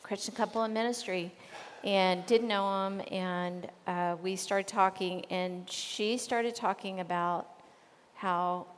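A woman's voice: medium pitch, fairly even intonation, slow pace, in a large hall, slight background noise. A woman co-hosting a casual faith talk on marriage, earnest and conversational, with frequent fillers.

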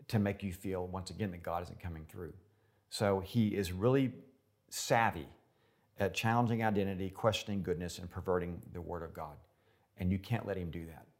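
A male pastor preaching a sermon in an emphatic style, repeating words for effect. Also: on the low side.

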